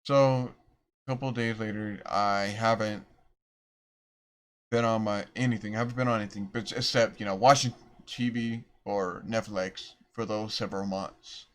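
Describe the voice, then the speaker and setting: A man's voice: fairly low pitch, fairly even intonation, normal speed, a bit bright. A young man rambling through a storytime vlog, self-deprecating and restarting his sentences often. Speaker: vlogger.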